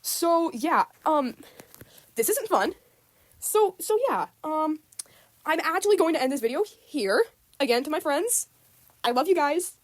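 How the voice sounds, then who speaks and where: A woman's voice: high voice, big pitch swings, unhurried, pauses often, no echo. A teenage girl, upset, rambling through a casual rant to camera, repeating herself with lots of ums. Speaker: student vlogger.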